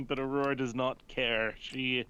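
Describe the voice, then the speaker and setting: A man's voice: medium pitch, takes it slowly, pushed and bright, clean tone, dull audio. A man playing a tabletop game who giggles and laughs often as he describes his character. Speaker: player.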